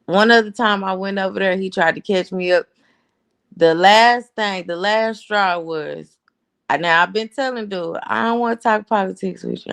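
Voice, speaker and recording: A woman's voice: mid-range voice, normal speed, gravelly, smooth. A woman, telling a story in a casual, blunt, profane rant. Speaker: host.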